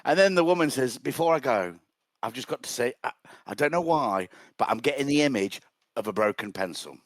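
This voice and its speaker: A man's voice: mid-range voice, lively intonation, a little fast, no room sound. A young man, telling a funny anecdote in casual podcast chat with a dry, joking delivery. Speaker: podcast co-host. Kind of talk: casual storytelling.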